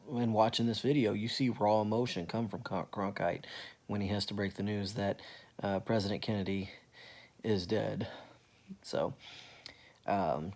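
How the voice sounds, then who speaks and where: A man's voice: fairly low pitch, darkish tone. A man teaching history in a casual, rambling way, with frequent ums and self-corrections as he walks students through the material. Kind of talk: recorded lesson walkthrough.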